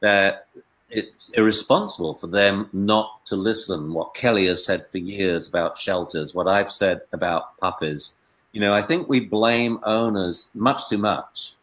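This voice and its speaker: Male interview guest, low voice, storyteller who swings from quiet to emphatic. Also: a little slow, low-quality recording. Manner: expressive, swings from hushed to emphatic. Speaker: dog trainer and veterinarian, interview guest.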